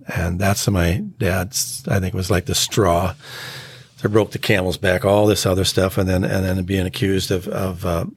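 An American man telling his life story as an interview guest, earnest and halting. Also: deep voice, vocal fry, breathy edge, no room sound. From United States. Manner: earnest, halting, acts out quoted dialogue. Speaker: guest sharing his testimony.

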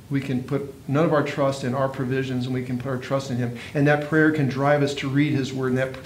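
A man preaching a sermon, earnest, with dramatic pauses and swelling emphasis. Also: darkish tone. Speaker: pastor. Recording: echoey room with faint noise and rumble.

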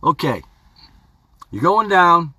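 Folksy male podcast host, bright voice swinging wildly up and down, playful self-talk. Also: a little high, big pitch swings, slow pace, slightly rough, dry recording. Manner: folksy, playful, talks to himself. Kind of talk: rambling motivational monologue. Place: home studio.

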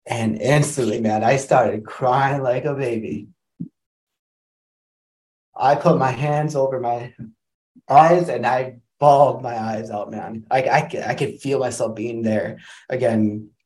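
A man's voice: medium pitch, steady tone, slow, a little mellow. A young man from Wisconsin, a podcast guest, tells a personal story in a casual, rambling way, full of restarts. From Wisconsin, USA.

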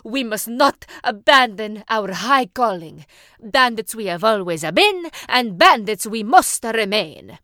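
A woman's voice: on the high side, big pitch swings, takes it slowly, a bit bright, dry recording, studio quality, exaggerated voice. A woman voicing a fierce, self-important male bandit leader who makes solemn, theatrical pronouncements in a storybook reading.

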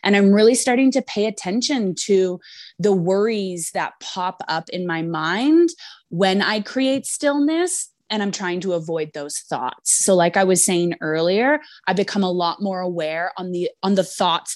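A woman's voice: fairly low pitch, moderate pace, no echo, clean studio sound. A woman co-hosting a podcast, talking in a reflective, earnest and loosely phrased way in casual chat. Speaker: podcast co-host.

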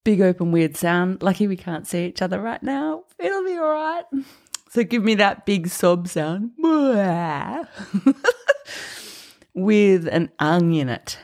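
A woman's voice: fairly low pitch, moderate pace, hardly any pauses, a little mellow. A woman teaching singing on a podcast, playful and encouraging, dropping into sung demonstrations. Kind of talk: podcast vocal lesson.

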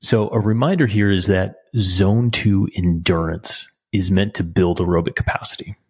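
A middle-aged man, a cycling coach, answering a listener question in a relaxed, explanatory podcast chat. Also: low-pitched, moderate pace, breathy edge. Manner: relaxed, explanatory, frequent restarts and small laughs.

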